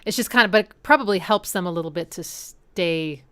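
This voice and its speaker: Her voice sits on the low side, brisk and bright with a forceful, clean tone. She's streaming music analysis from home, chatting enthusiastically and vocalizing rhythms as scat to illustrate them while a song plays faintly.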